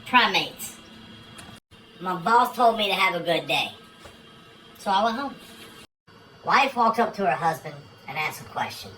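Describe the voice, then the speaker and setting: A woman's voice: on the low side, sing-song, a little slow, long pauses, sharp tone, distant mic, soft background music, poor audio. A woman telling a string of one-liners and dirty jokes in a dry, matter-of-fact way. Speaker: joke teller. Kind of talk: deadpan joke telling.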